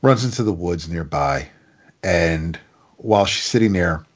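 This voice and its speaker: A man's voice: low-pitched, lively intonation, measured pace, slightly rough, dull audio. A man casually reviewing a comic, recapping the plot in a rambling way with stammered restarts.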